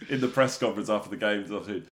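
A man's voice: fairly low pitch, quick pace, a bit bright, slight background noise. Sweary laughing London man, roomy. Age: young adult. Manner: laughing, sweary, mock-solemn asides. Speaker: podcast co-host. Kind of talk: casual banter.

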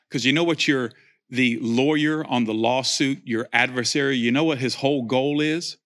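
Male preacher, forceful bright delivery, builds to shouts, jokes in between. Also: medium pitch, normal speed. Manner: animated, rising to near-shouts, joking asides. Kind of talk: sermon.

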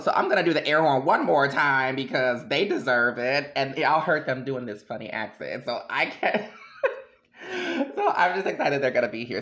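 A woman hosting a podcast, chatting casually and introducing her guest with lots of fillers. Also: low voice. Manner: chatty, warm-hearted, filler-heavy. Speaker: podcast host.

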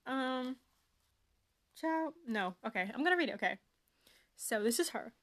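This is a young woman with a slightly high voice, chatting casually as a podcast host. She rambles through her thoughts, doubling back with asides and plenty of "like." Her delivery is relaxed and conversational, the way she would talk about a favorite book. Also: fairly quick. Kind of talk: casual book review chat.

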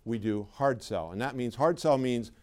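A man's voice: medium pitch, moderate pace, darkish tone. A middle-aged man giving a live sales training seminar, talking in a conversational, emphatic way and putting questions to the audience. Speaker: sales trainer for clinic owners.

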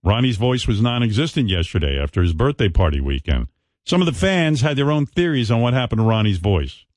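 Male radio host, blunt and mocking, animated delivery, dry close mic. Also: on the low side, brisk, dry recording. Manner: blunt, teasing, laughing often. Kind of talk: casual radio banter.

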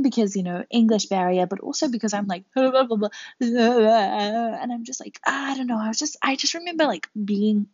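In a dry, dull lo-fi home recording, a young woman with a slightly mellow mid-range voice hosts her podcast. She spins a casual travel tale, chatty and meandering, full of fillers.

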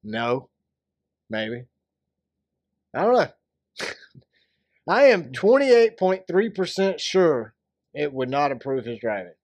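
A man's voice: on the high side, sing-song, slow pace, long pauses, no echo. A man co-hosting a casual sports podcast, joking and rambling about races. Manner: joking, rambling, breaks into silly voices. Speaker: podcast co-host. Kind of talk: casual chat.

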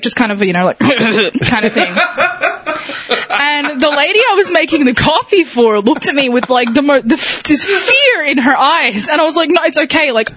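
A woman's voice: fairly high pitch, a bit bright, slightly rough. A woman in her twenties with a smoker's cough, chatting frankly, swearing and making fun of herself. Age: 20s. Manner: frank, sweary, self-mocking. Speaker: friend in casual chat. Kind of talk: casual chat.

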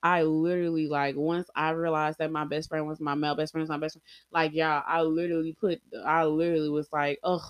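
A woman's voice: sits low, little pitch movement, fairly quick, smooth, no room sound, muffled recording. A young adult woman vlogger telling personal stories candidly, blunt and heavily profane, acting out quoted lines.

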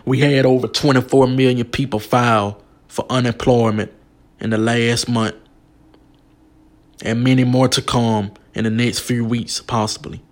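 A man's voice: medium pitch, level tone, unhurried. A man preaching a sermon with emotional, emphatic delivery. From United States.

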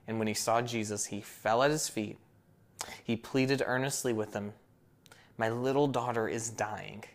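A man, a pastor, preaching a sermon with earnest storytelling that drops to hushed tones for drama. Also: mid-range voice.

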